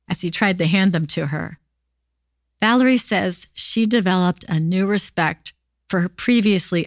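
Lower-voiced woman podcast host reading stories. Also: dry recording, clean studio sound. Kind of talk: reading true stories aloud.

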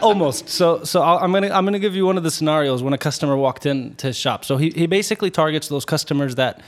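A man's voice: on the high side, fast talker. A man casually telling a long story on a podcast, rambling with restarts and laughing at his own story.

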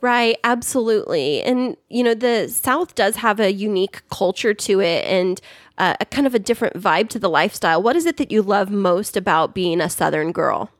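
A woman's voice: medium pitch, lively intonation, normal speed, dry recording, clean studio sound. A woman co-hosting a podcast, bubbly and enthusiastic as she interviews a guest. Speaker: podcast co-host. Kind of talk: casual interview chat.

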